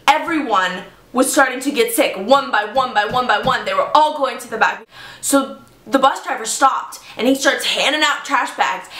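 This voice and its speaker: A woman vlogger telling a story to camera in a dramatic, animated way. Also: sits high. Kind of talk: storytime vlog. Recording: echoey room.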